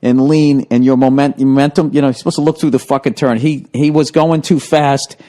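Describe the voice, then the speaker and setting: A man's voice: mid-range voice, a little fast. A man hosting a podcast, telling a story in casual chat with heavy swearing and bursts of laughter. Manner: profane, animated, breaks into laughter. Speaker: podcast host.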